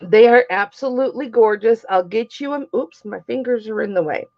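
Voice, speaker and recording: A woman's voice: a little high, normal speed. A woman in her fifties hosting a live-stream jewelry sale, chatting with viewers by name as she shows each piece. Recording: dull lo-fi stream audio.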